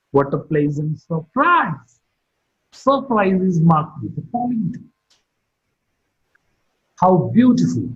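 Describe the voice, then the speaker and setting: A man giving a phonetics lecture online, speaking slowly and deliberately and repeating example sentences with stress on the last word. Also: sits high, darkish tone, breathy edge. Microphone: computer or phone mic for online class. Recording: dull, muffled lo-fi audio.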